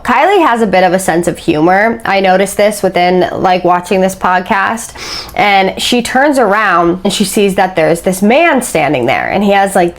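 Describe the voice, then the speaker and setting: A woman casually retelling a story she heard, in a chatty way with many fillers. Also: on the low side.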